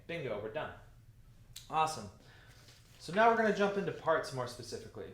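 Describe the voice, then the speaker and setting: A man teaching the alto part of a choir piece, explaining the markings patiently and speaking the lyrics slowly. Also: a little high, very animated, a bit bright, roomy sound. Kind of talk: music lesson walkthrough.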